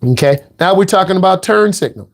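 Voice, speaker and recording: During a casual driving lesson, a middle-aged Midwestern instructor speaks briskly in a high-pitched voice with lively intonation. He's blunt and direct and likes to tease.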